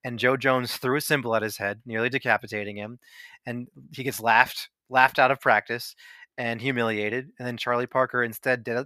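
A man hosting a casual podcast discussion, retelling scenes with animated delivery and frequent laughs. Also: mid-range voice, no room sound, clean studio sound. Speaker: podcast host.

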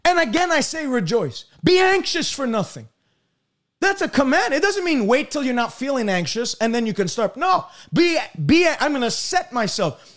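A man preaching a fervent broadcast sermon, repeating words and breaking into bursts of shouting. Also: very high voice, very animated, moderate pace.

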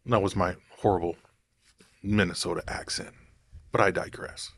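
A man's voice: low voice, steady tone, normal speed, long pauses, fairly bright tone, slightly rough, no room sound. A man talking casually to camera in a rambling, digressive way, thinking aloud as he goes. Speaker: vlogger.

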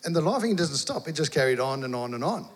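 Animated preacher in a reverberant hall. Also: male voice, a little high, quick pace. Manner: animated storyteller, acts out dialogue, laughs. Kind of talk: storytelling sermon.

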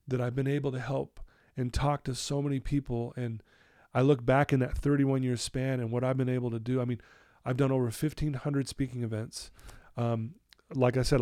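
A middle-aged man, a podcast guest telling his story in an animated way and acting out his own quoted lines. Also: medium pitch, no echo, clean studio sound. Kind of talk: storytelling in a conversational interview.

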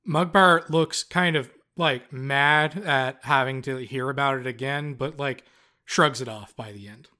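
Slow-talking Newfoundland game master man. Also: medium pitch. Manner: relaxed, filler-heavy narration. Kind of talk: narrating a tabletop game.

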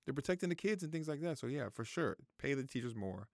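A man in his thirties talks straight to his viewers in a casual vlog, repeating himself, swearing freely and choking up. His voice has a gravelly edge and a middling pitch. The sound is close and dry. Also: animated, fast talker, a little mellow, no echo. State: close to tears. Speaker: vlogger. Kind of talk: casual opinion talk to camera.

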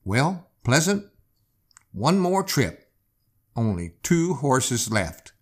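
Steady, gentle frontier husband, unhurried, read by the narrator. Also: male voice, mid-range voice, full character voice. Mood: reassuring. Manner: gentle, reassuring. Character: calm steady pioneer husband, reassuring.

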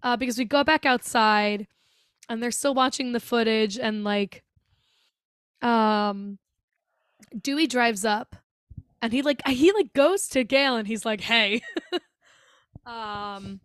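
A woman with a fairly high voice co-hosts a podcast in loose, casual chat. She gets animated, swears freely and acts out movie lines in quick little voices. The sound is dry and close, with no room around her. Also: dry recording. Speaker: podcast co-host.

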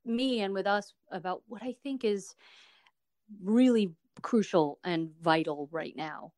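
A woman's voice: medium pitch, measured pace, darkish tone, no echo. A woman hosting a podcast interview, talking in an earnest, emotional, chatty way and sounding close to tears. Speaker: podcast host.

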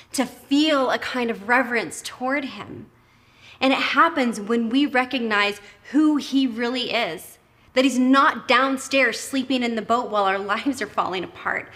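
A woman from Texas, preaching a sermon with enthusiasm and emphasis, sometimes dropping to a hushed tone. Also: fairly high pitch. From Texas, United States. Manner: enthusiastic, emphatic, drops to soft hushed tones.

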